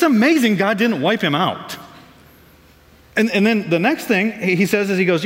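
A man preaching a sermon as pastor, lively and animated, acting out voices for comic effect. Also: high-pitched, moderate pace. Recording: long reverb of a large hall.

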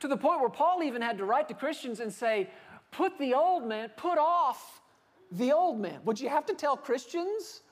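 Animated male preacher telling stories. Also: very high voice. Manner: animated storytelling preacher, acting out dialogue with laughter. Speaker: pastor. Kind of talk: sermon.

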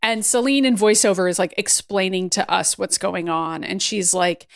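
A woman's voice: mid-range voice, moderate pace, creaky, no room sound, studio quality. Joking woman podcast co-host. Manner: animated, joking, acts out quotes. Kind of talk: casual chat recapping a cartoon.

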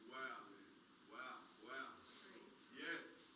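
A man's voice: drawn-out words, sharp tone. A man in a church congregation calling out short words of agreement during a sermon. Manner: brief affirming responses.

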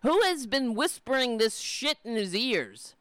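A woman's voice: a little high, sing-song, measured pace, fairly bright tone. A woman ranting in angry, profane, sarcastic commentary as she reacts to political clips.

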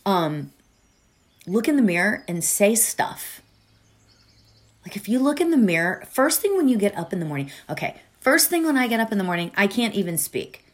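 In a sing-song, mid-range voice at a moderate pace, a middle-aged woman hosts a podcast. Her casual talk is warm and chatty, peppered with fillers and side comments, before she guides a meditation.

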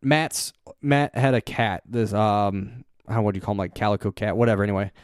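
A man's voice: brisk, clean tone, no echo, clean studio sound. Rambling, swearing young man. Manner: swears a lot, rambling, restarts, excitable pitch jumps. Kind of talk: casual chat.

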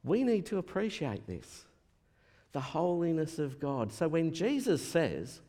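A man preaching a sermon as a pastor, animated and acting out the voices he quotes. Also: fairly high pitch, measured pace. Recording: long hall reverb.

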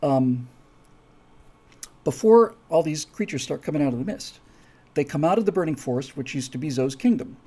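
A man's voice: fairly high pitch, expressive, moderate pace, long pauses, mellow, husky. A man who writes his own story project, chatting casually and enthusiastically to viewers with many restarts.

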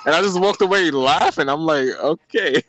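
A man's voice: fairly high pitch, a little fast, fairly bright tone. A young man, telling a story in casual chat and laughing often.

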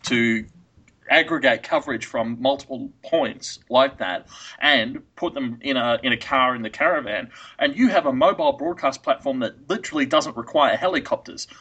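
A man's voice: medium pitch, moderate pace, fairly bright tone, breathy edge, lo-fi sound. A man co-hosting a casual podcast, talking enthusiastically with frequent exclamations. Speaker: podcast co-host.

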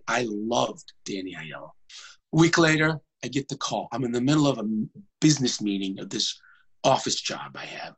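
A male tenor in an animated conversational storytelling mode. His pitch swings and his delivery is lively. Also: normal speed, husky, rough recording. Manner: animated, jumps into voices. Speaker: guest tenor singer.

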